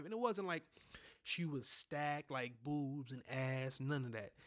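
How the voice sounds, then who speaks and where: A young man hosting a podcast, candidly telling his own stories in a casual, profane monologue straight to listeners. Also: medium pitch.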